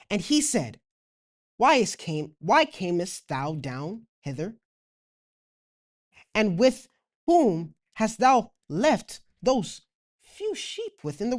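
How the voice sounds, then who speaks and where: A woman with a Toronto accent teaches a casual Bible lesson. She reads the old scripture aloud, then retells it in everyday slang. Her voice sits mid-range and moves up and down a lot. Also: medium pitch. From Canada.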